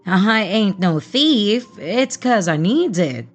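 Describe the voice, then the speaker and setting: Creepy sing-song woman passenger, soft, pausing, put on by a woman narrator. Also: mid-range voice, very animated, soft background music, pitched above the performer's own voice. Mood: agitated. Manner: sing-song, scarily soft, deliberate pauses. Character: unsettling woman passenger talking to unseen ghosts.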